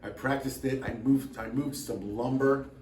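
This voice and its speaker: A tired man rambles to camera in a relaxed chat, poking fun at himself with dry jokes. His voice sits in the middle range. The mic is set back from him, and the room adds a noticeable echo over a faint background hum. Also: mid-range voice, moderate pace, distant mic. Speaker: drummer and channel host.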